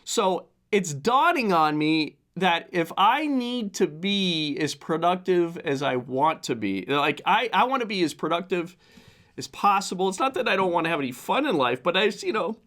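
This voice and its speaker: A man of fifty hosts a casual solo podcast, his voice hoarse and cracking from the flu. He rambles with many restarts, speaking fairly high with a lively, swooping pitch. He talks into a desk mic at home. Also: moderate pace. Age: 50s. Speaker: podcast host.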